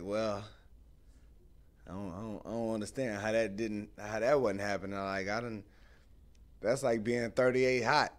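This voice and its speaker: A young man hosts a casual live stream, speaking unhurriedly in a mid-range pitch. His talk is animated and conversational as he tells stories and calls out to viewers in the chat.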